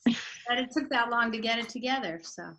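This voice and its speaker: A woman's voice: fairly high pitch, moderate pace, bright, forceful tone, lo-fi sound, a little hiss or hum. A Canadian woman with a Canadian accent, chatting casually and correcting herself as she goes. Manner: chatty, self-correcting, laughs easily. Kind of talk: casual chat.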